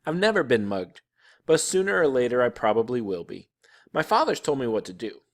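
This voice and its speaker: Animated man reading a children's book aloud. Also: medium pitch, vocal fry. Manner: expressive, animated narration with voiced dialogue. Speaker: storybook reader.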